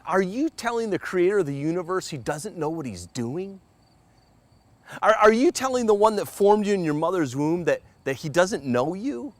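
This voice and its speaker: A high-voiced man preaches a personal sermon. He speaks earnestly, stumbling and repeating small words as he goes. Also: animated, normal speed, no echo. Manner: earnest, stammering repetitions.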